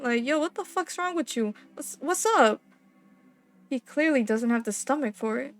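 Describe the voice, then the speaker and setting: A young woman playing a horror game, reading its text aloud and reacting with excitable, slangy, swearing commentary. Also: high voice, normal speed. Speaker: gaming streamer.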